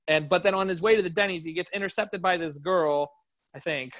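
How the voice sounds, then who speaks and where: Animated man retelling stories. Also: high-pitched, fairly quick, dry recording. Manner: animated storyteller, acts out quotes. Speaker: podcast co-host. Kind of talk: casual chat.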